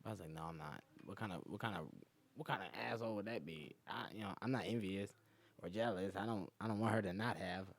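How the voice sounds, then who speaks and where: A man's voice: on the low side, quick pace. A man hosting a casual comedy podcast, telling profane stories and acting out quotes. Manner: animated, profane storytelling with lots of acted quotes. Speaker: podcast host.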